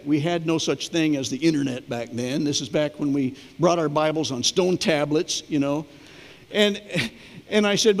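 A man's voice: fairly high pitch, normal speed, big-room sound. A middle-aged man, a pastor, preaching a sermon and telling stories that act out the voices of the people in them. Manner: storytelling, acts out quoted voices.

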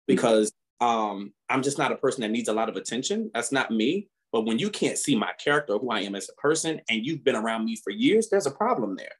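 A man co-hosting a podcast, chatting casually and telling stories animatedly, often laughing and rising in pitch when indignant. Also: a little fast, hardly any pauses, husky. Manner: animated storytelling with frequent laughter. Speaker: podcast co-host. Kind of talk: casual chat.

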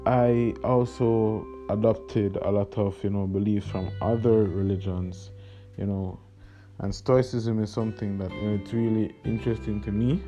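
A man's voice: fairly low pitch, steady tone, moderate pace. A young man raised in Jamaica talks casually as a podcast host, hesitant and full of fillers. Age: young adult. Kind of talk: casual spoken reflection with readings. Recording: dull lo-fi recording over guitar music. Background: plucked guitar music.

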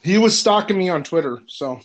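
A man's voice: high-pitched, animated, brisk. A man, a film director, chatting casually on a podcast, telling crude anecdotes and laughing often.

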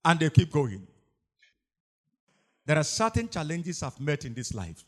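A man's voice: a little high, a little slow. A man preaching a sermon, repeating lines and laughing often as he tells his stories. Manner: animated preaching with frequent laughter and repetition.

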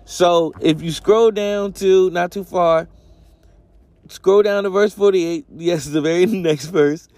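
Man, slightly high voice, casual podcast Bible talk, rambling and slangy, dry close sound. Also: steady tone, slow pace, a little mellow, no room sound. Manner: rambling, slangy, self-correcting. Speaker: podcast host.

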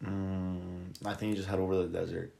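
A young man with a low, gravelly voice, talking in a laid-back, blunt way. The room has a clear echo. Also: little pitch movement, normal speed, dark tone. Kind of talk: casual chat. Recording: echoey room.

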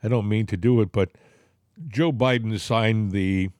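A man's voice: fairly low pitch, fairly even intonation, measured pace, darkish tone, no room sound, studio quality. Indignant Boston-accented male talk host. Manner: rambling, indignant, with many fillers. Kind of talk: casual political chat.

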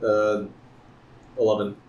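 A man's voice: on the low side, monotone, slow pace, darkish tone, muffled recording, a little hiss or hum. A man playing a tabletop game, chatting in a laid-back way. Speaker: player. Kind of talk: casual tabletop play. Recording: roomy echo.

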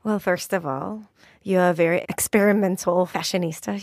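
A woman's voice: medium pitch, moderate pace, no room sound, studio quality. A woman, a data reporter talking in a teasing, amused way on a podcast and laughing often. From Germany. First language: German. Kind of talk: conversational podcast segment.

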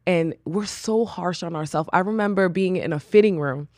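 A woman's voice: fairly low pitch, moderate pace, a little mellow, dry recording, studio quality. A woman hosting her own podcast, giving an earnest, personal, faith-based encouragement talk drawn from her own experience. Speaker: podcast host.

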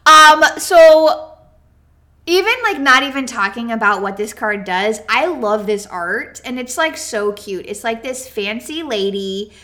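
Woman, fairly high voice, bright tone, bubbly, chatty filler words, hiccups. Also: lively intonation, a little slow. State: has the hiccups. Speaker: card game podcast co-host. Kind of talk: casual chat, card set review.

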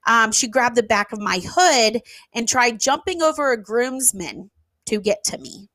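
A woman who runs an event venue tells a casual story, animated and emphatic, with fillers and the odd swear word. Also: fairly high pitch, measured pace, dry recording. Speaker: venue owner.

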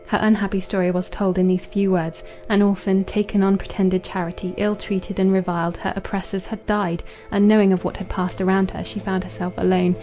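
A woman reading a classic novel aloud in a measured, solemn narration. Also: mid-range voice, little pitch movement, warm tone, dull audio, soft background music. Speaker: audiobook narrator.

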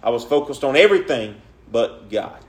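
A man's voice: mid-range voice, lively intonation, normal speed. A young man preaching a sermon in an earnest, repetitive way, with folksy, casual grammar.

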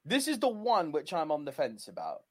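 Animated young man chatting wrestling. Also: a little high, normal speed, no room sound. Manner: animated, swears freely. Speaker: wrestling podcast co-host. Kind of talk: casual chat.

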